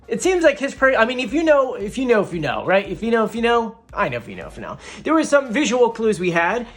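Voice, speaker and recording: Excited guy hosting a chatty video, voice bouncing all over, bit of music behind. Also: very high-pitched, fast. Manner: excitable and animated, playfully boastful. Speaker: video host breaking down a TV singing show. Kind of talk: casual chatty commentary to camera.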